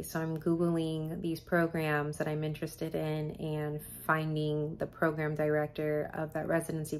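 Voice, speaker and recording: A woman in her twenties talks to her camera in a low, gravelly voice. She sounds tired and candid, and she rambles with plenty of "um"s. A faint hiss sits under her voice. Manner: candid, chatty, many fillers. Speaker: medical student vlogger. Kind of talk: casual vlog chat. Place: home.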